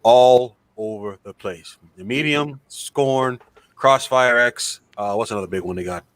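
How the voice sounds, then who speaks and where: A man on a casual gaming podcast who muses and speculates out loud. He swears offhandedly as he talks. His voice sits at an ordinary pitch. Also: unhurried, a crowd in the background.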